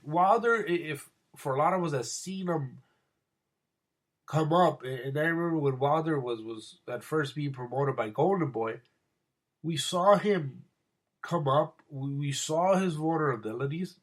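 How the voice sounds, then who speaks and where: A man hosting a boxing podcast, talking in a rambling, profane, casual monologue with many restarts. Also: on the high side. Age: adult with wife.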